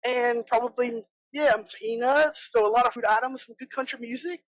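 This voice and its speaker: Speaking in a conference room, this bee inspector from South Georgia, USA, keeps her talk chatty and full of jokes in a Southern American accent. She sits on the high side at a normal pace, with no echo and poor audio quality.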